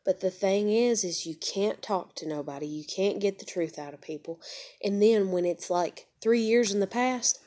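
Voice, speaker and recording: A woman's voice: mid-range voice, moderate pace, warm tone. A young woman, rambling emotionally and swearing as she searches for words in a personal confession. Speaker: vlogger.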